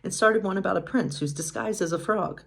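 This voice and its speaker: A woman voicing a kind, bookish young heroine in a bedtime storybook reading, bright and gentle. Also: mid-range voice, fairly quick, lightly acted.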